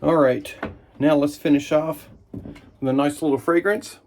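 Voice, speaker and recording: A man in his thirties hosting a casual shaving vlog at his bathroom sink, relaxed and enthusiastic, humming in approval. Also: fairly high pitch, measured pace, a little hiss or hum. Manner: relaxed, enthusiastic, chatty with small hums of approval. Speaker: wet shaving channel host. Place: home bathroom at the sink, indoors.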